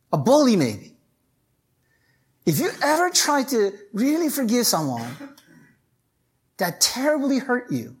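A pastor delivers a sermon with a husky, slightly breathy voice that sits at a middling pitch. The delivery is chatty rather than formal, peppered with "right?" and "you know?" to draw the listeners in. When a point matters, the voice climbs higher and pushes harder. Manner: conversational preaching with frequent "right?" and "you know?"; rises in pitch and force when stressing a point.

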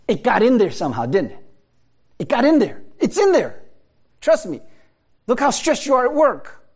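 A man delivers a sermon in a high, lively voice that swings widely up and down. He talks to his listeners directly, asks them question after question and laughs often as he preaches. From America. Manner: conversational preaching, rhetorical questions, frequent laughs. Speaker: pastor.

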